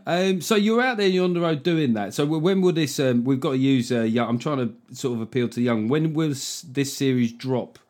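A man hosts a podcast in relaxed, joking banter. He throws in quick teasing asides while steering the chat. His voice sits at an ordinary middle pitch. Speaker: podcast host. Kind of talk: casual podcast conversation.

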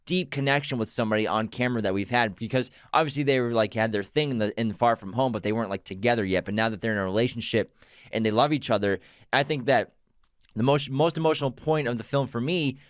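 A man talking about movies at a quick clip, eager and animated. His voice sits at an ordinary middle pitch, and the recording is dry and close, with no room sound. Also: dry recording. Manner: fast, eager, animated opinions. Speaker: co-host of a movie channel. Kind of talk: casual movie discussion.

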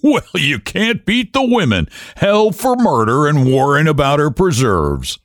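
A man's voice: on the high side, very animated, a little slow, no echo, clean studio sound, pitched above the performer's own voice. A man voicing a jovial, dismissive middle-aged sheriff in an audiobook. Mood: mocking. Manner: hearty, dismissive.

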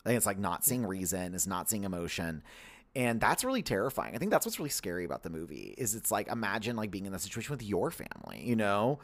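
A young man co-hosting a podcast in casual chat, rambling and animated, with lots of filler words. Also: lowish voice, quick pace. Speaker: podcast co-host.

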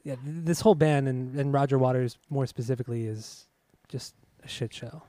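A man on a podcast telling a story in a loose, rambling way, full of hesitations and the odd curse. His tone is mellow and mid-pitched. The recording is dry and close. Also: normal speed, no echo. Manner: rambling, hesitant, profane, many fillers. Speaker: podcast co-host. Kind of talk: casual chat, recounting music history.

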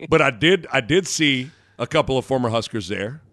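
A man's voice: medium pitch, normal speed, dry recording. Rambling male radio co-host, dry studio. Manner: rambling, animated, breaks into shouted bits. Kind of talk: casual sports radio banter.

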